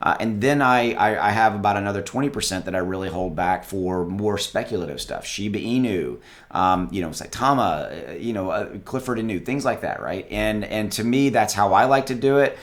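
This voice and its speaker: Low-voiced man giving casual advice. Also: normal speed. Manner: conversational, repeats words, addresses viewers as guys. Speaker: crypto YouTuber. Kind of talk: casual direct-to-camera advice. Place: home with dogs.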